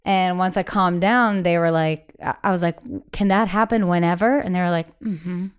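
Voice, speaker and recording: A female singer, guesting on a casual interview, speaks candidly in a chatty, animated way, imitating the voices of people she quotes and saying "like" constantly. Her voice is lowish and clean, at a normal speed.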